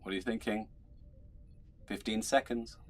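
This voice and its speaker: A man's voice: fairly low pitch, steady tone, moderate pace. A man hosting an online trivia show as quizmaster, chatty, laughing often and tripping over his words. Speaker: quizmaster host.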